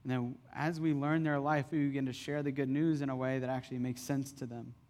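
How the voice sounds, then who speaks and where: A man in his thirties preaching a sermon as pastor, conversational and animated in his storytelling. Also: medium pitch, fairly quick. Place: church hall. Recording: reverberant church hall.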